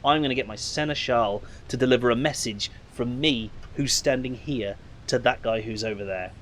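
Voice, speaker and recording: A man's voice: mid-range voice, moderate pace, fairly bright tone, a little hiss or hum. A man chatting casually while playing a video game, laughing and tripping over names. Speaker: game streamer. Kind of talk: casual let's play commentary.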